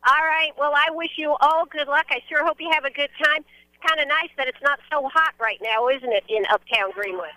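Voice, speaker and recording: A woman's voice: sits high, brisk, pushed and bright, no echo, rough recording. A woman, hosting a live radio remote outdoors by a fountain, chatting folksily with people. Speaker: radio host.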